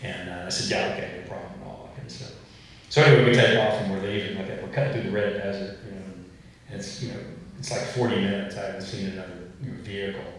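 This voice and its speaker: A man's voice: fairly low pitch, fairly even intonation, quick pace, slight background noise. A man telling rambling, folksy anecdotes to an audience as a guest author, full of fillers and asides. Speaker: author speaking at an event. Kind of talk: storytelling talk and Q and A. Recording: roomy echo, voice far from mic.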